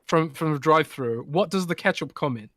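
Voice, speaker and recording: A man's voice: fairly high pitch, animated, brisk, fairly bright tone, no echo, clean studio sound. A man with a British accent, co-hosting a podcast in casual, teasing chat. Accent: British English. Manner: playful, teasing. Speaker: podcast co-host.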